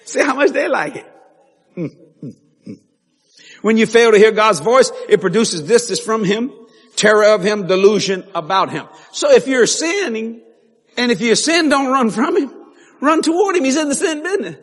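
A man preaching a sermon, telling stories animatedly with laughs and sudden shouts. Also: extremely high pitch, animated, moderate pace. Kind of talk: sermon storytelling. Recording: long hall reverb.

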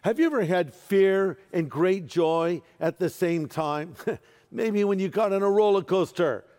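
A man preaching a sermon as pastor, animated and playful with humorous asides. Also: sits high, unhurried. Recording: long reverb of a large hall.

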